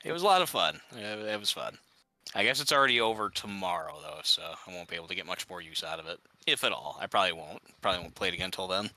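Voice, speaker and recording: A man's voice: low voice, expressive, fast talker, sharp tone, dry recording, rough recording. A man chatting casually while gaming, ranting with exasperation and many restarts. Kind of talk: casual chat.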